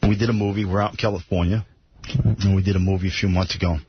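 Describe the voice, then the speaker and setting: A man telling a bawdy anecdote in a slow, blunt storytelling manner, played as an archive clip. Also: low-pitched, flat delivery, muffled recording, a little hiss or hum.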